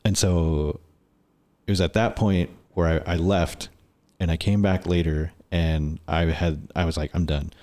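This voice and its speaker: A man with a very deep voice tells a long story in a relaxed podcast chat. He swears a lot and acts out both sides of an old argument as he goes. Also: a little slow. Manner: profane, animated storyteller acting out quotes. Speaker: podcast guest.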